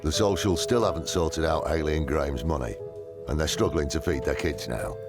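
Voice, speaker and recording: A man with a strikingly deep voice narrates a documentary in a measured, wry tone. Music plays loudly behind him. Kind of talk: scripted narration.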